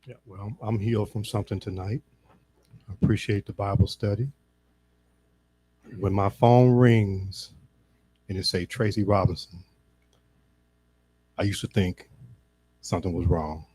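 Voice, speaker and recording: A man at a Bible study sharing a short, slow, earnest testimony. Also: on the low side, mellow, slightly rough. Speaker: church member.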